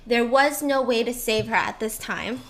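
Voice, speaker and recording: A woman host telling a true-crime story in a chatty, animated way, full of "like" and asides. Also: a little high, normal speed.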